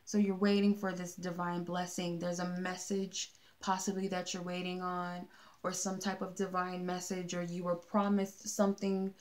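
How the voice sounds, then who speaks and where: A woman's voice: lowish voice, monotone, moderate pace, a little mellow. A woman giving a casual tarot card reading, talking in a meandering way with many fillers and restarts. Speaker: tarot reader.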